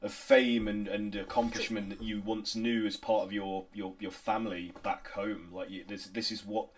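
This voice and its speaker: A man narrating as game master, halting and improvised, with many restarts. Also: fairly low pitch, little pitch movement.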